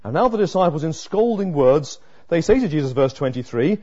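Man preaching, dramatic and emphatic, higher voice, muffled lo-fi recording. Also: sing-song, fairly quick. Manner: dramatic, swings from hushed to emphatic. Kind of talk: expository sermon.

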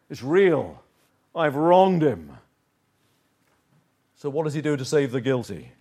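A man preaching from the pulpit in an earnest, emphatic sermon. His voice sits a little high for a man, and he takes his time, leaning hard on the key phrases. The delivery is measured and deliberate throughout.

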